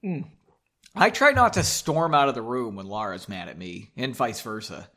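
A man's voice: mid-range voice, very animated, moderate pace, pushed and bright. Sarcastic man reading a story aloud. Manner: sarcastic, mocking asides, drinking while reading. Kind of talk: comedic dramatic reading with asides. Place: basement home studio.

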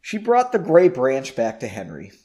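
A man's voice: medium pitch, huge pitch swings, moderate pace, warm tone. Self-mocking man reading aloud. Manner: self-mocking, chatty, laughs at himself. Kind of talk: reading aloud with joking asides.

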